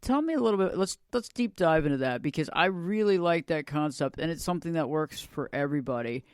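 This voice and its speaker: A man's voice: a little high, expressive, a little fast, smooth, no echo, clean studio sound. A man hosting a podcast interview, enthusiastic and often repeating words as he starts a sentence. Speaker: podcast host.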